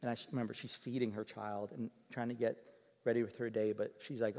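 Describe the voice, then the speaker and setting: A male pastor preaching in a loose, conversational storytelling way, doubling back on words as he goes. His voice sits at an ordinary middle pitch. A long reverb trails each phrase, as in a large hall. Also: steady tone, normal speed, warm tone. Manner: conversational, repeats words as he restarts. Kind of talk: storytelling sermon.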